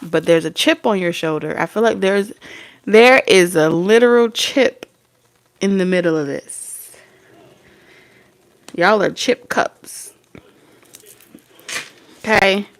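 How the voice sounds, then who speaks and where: A woman's voice: mid-range voice, slow pace, pauses often. A young woman giving a casual tarot reading, blunt and swearing freely as she acts out imagined back-and-forth dialogue. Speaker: tarot reader.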